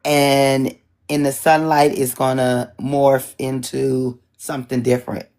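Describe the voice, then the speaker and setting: A middle-aged woman moderating an online town hall, chatting casually with a husky voice and joking asides. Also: very deep voice, little pitch movement, slow, darkish tone. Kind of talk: casual chat to an audience.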